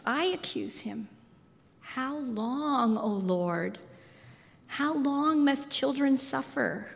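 Woman preacher, slightly high, gravelly, unhurried, long hall reverb. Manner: slow, deliberate, soft intimate delivery. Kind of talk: sermon.

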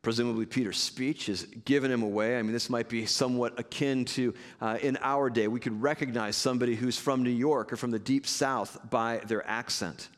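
A man preaching a sermon as pastor, earnest and measured with conversational asides. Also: mid-range voice, fairly even intonation, big-room sound.

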